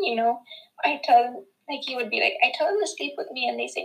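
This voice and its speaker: A young woman guest in a casual chat, talking in an emotional, halting way with many fillers. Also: sits high, creaky, a bit bright, poor audio. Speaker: podcast guest.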